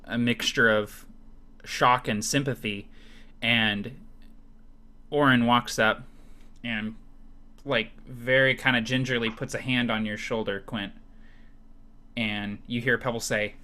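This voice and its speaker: Man, tabletop player, gentle and halting, bright edgy voice. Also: mid-range voice, steady tone. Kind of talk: casual game narration.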